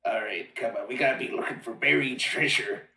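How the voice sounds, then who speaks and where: A man's voice: mid-range voice, fairly quick, creaky, bright, forceful tone, echoey room. A man playing a tabletop game, joking and playful in casual chat. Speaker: player.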